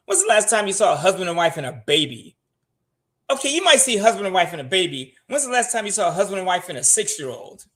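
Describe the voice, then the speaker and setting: A man's voice: a little high, a bit bright. A man talking frankly in casual livestream style, swearing freely and answering viewer comments from his home. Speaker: guest on a finance show. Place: home room.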